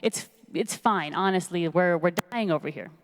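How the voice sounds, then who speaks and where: A woman's voice: fairly low pitch, normal speed, natural voice. Woman voicing resigned, thirsty villagers. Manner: weary, resigned. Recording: long reverb of a large hall.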